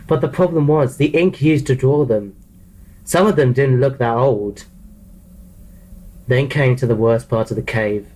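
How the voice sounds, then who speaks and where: A man's voice: mid-range voice, a little mellow, low-quality recording. Man reading a horror story aloud. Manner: plain reading with frequent restarts. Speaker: narrator.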